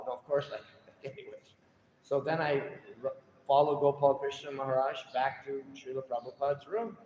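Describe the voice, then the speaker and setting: A man's voice: mid-range voice, fairly even intonation, a little mellow, a little hiss or hum. Older man telling a story in a hall. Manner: emotional, halting storytelling. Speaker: guest speaker. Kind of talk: storytelling talk to a temple audience. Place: temple hall. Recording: echoey hall, dull lo-fi sound.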